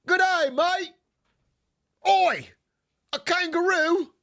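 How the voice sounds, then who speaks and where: A man's voice: slow, gravelly, full character voice. A man faking a hammy Australian bloke. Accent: put-on Australian. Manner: loud, high and hammy. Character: exaggerated mock Australian bloke, cheery greeter.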